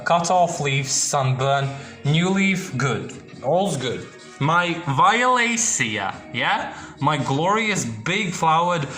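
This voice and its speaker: A man's voice: a little high, pushed and bright. A young man showing his orchids at home in a casual vlog, rambling with restarts and asking "yeah?" often. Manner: rambling, many restarts and tag questions. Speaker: orchid hobbyist vlogger. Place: indoors at home among plants and boxes.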